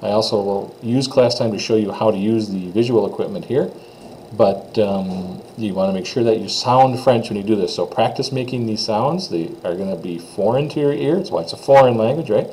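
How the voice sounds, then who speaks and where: A man teaching French pronunciation, saying phrases slowly for students to repeat and explaining the sounds in plain, encouraging words. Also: lowish voice, dark tone, a little hiss or hum, low-quality recording. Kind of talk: classroom pronunciation lesson.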